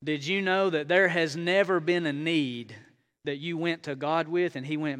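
Bright, high-voiced male preacher. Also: normal speed, smooth. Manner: conversational preaching with sudden rises and quiet drops; folksy, playful asides to the congregation. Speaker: pastor. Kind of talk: sermon. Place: church in front of a congregation.

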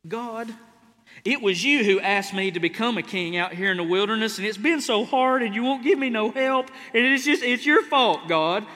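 A male preacher voicing a rough country man who whines and pities himself while griping at God, in a reverberant hall. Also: high-pitched, expressive, normal speed, pushed and bright, pitched above the performer's own voice. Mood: whining. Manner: whining, self-pitying, rising complaint.

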